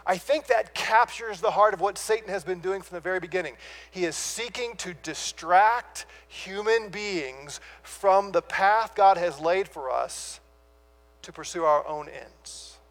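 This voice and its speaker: Preacher, male, high voice; pauses hard on key words, questions the congregation. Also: fairly bright tone. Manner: asks the listeners rhetorical questions; dramatic pauses on key words, then rushes on. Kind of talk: sermon.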